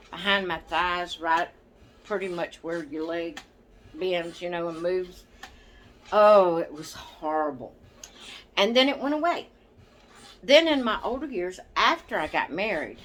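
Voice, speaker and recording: A woman's voice: on the low side, a bit bright, slight background noise. An older woman, chatting casually to her camera in a rambling way, laughing often and correcting herself. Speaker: vlogger.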